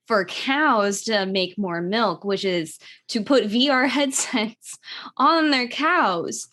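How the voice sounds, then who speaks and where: A woman's voice: fairly high pitch, takes it slowly, sharp tone. A woman co-hosting a casual comedy podcast, giggling often as she tells stories. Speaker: podcast co-host.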